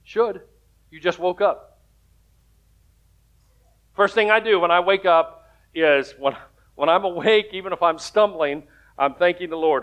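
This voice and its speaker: A man's voice: high voice, measured pace, pauses often, lo-fi sound. A man preaching a sermon as pastor, telling stories in a conversational way and rising to emphatic points.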